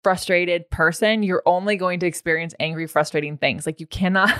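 A woman with a fairly low voice hosts a podcast in a chatty, casual way. Her speech is full of "like". The recording is dry and close. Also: brisk, few pauses, a bit bright, dry recording. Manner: chatty, peppered with "like" and laughs.

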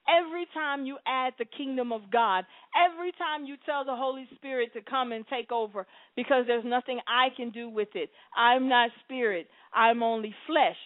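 A woman preaching a sermon and praying aloud, swinging between soft pleading and loud exclamations. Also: high-pitched, no room sound. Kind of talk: sermon and prayer. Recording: dry, phone-like sound.

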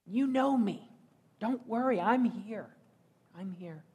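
A man voicing a calm adult male teacher who gently reassures his frightened followers. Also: high voice, slow, breathy edge, voice pushed up, full character voice. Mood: reassuring.

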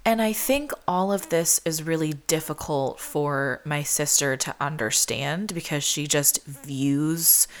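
Low-voiced chatty young woman. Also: takes it slowly, few pauses. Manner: chatty, peppered with "like", acts out quotes. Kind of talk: casual chat.

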